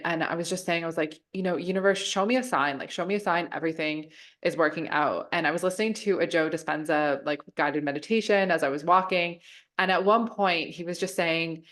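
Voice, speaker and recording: A woman's voice: low-pitched, a bit bright. A young woman hosting a podcast in casual interview chat, affirming her guest with enthusiastic interjections over a remote call. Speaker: podcast host.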